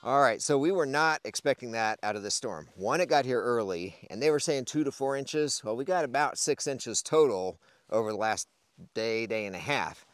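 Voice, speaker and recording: A man's voice: medium pitch, expressive, moderate pace, clean tone, dry recording. A man on a homestead, casually chatting on camera while tending animals outdoors in the snow, easygoing and joking. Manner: easygoing, talks gently to animals, tells dad jokes. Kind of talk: casual farm vlog chat. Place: outdoors on a snowy farm.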